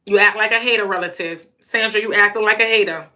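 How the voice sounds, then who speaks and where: A woman's voice: mid-range voice, quick pace, sharp tone. A young adult woman vlogger telling a personal story to camera in a blunt, emphatic way, often stuttering through repeated words.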